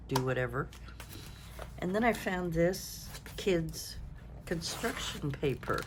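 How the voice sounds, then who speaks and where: A Canadian woman in her sixties, a craft vlogger, chats casually in a low-pitched voice while showing off her work, rambling and thinking aloud. She sounds tired and yawns, and there's background noise in the recording.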